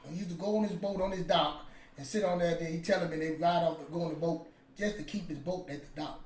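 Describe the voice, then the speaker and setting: A man's voice: on the high side, fairly even intonation, fast talker, a little mellow, distant mic. A man, casually telling a motivational story in a rambling, emphatic way. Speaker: podcast host. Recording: echoey room with faint ambience.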